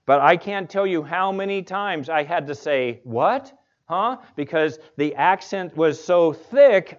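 A man preaching a sermon in a conversational storytelling way, as a pastor. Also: high-pitched. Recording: dull lo-fi recording.

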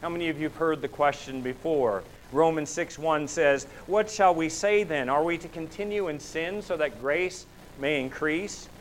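A man preaching a sermon, his voice sitting somewhat high for a man. He poses rhetorical questions and lifts his voice to press his points. A faint hum of ambience lies under the recording. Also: normal speed, poor audio. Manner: rhetorical questions, voice rising for emphasis. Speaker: pastor.

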